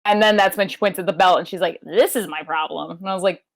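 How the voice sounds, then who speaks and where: A woman's voice: medium pitch, fairly even intonation, rapid-fire. A woman co-hosting a podcast, bantering sarcastically and swearing as she mocks what she watched. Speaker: podcast co-host. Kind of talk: casual banter.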